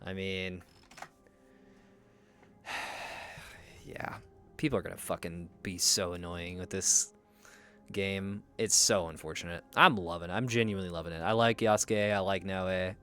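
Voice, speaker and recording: A man's voice: low voice, steady tone, unhurried, long pauses, sharp tone, clean tone. A young man chatting casually as a streamer while he plays a game, rambling and swearing freely. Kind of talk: casual gameplay commentary.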